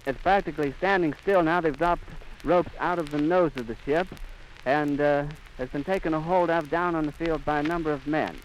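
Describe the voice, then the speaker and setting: A man's voice: fairly high pitch, a little fast, rough recording. A man reporting live outdoors for radio in a florid announcer style, heard on a 1930s archive recording. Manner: frantic, sobbing, breathless outcry. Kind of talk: live on-the-spot radio commentary. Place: outdoors at an airfield in rain. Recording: 1930s archive recording with faint rain noise.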